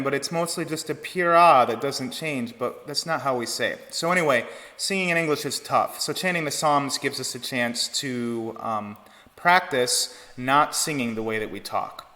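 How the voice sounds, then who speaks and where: A man giving an online choir lesson, explaining breath and vowel shape in a relaxed teaching manner. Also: medium pitch, moderate pace, big-room sound. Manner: relaxed teaching talk with sung demonstrations. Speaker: choir director. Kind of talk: online vocal technique lesson.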